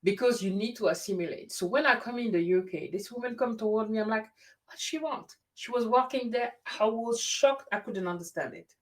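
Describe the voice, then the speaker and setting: A woman hosting a casual conversation, telling stories in an animated way and often restarting her sentences. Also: fairly high pitch, fairly quick, hardly any pauses. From grew up in France. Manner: animated storyteller with frequent restarts. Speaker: host. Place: lives in the UK.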